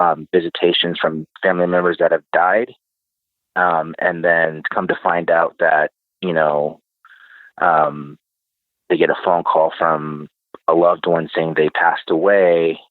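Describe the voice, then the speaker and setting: Guest man, deep voice, halting storyteller, heard over a dry, tinny phone-like line. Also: no echo. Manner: halting, many fillers and restarts. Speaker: podcast guest. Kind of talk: casual storytelling.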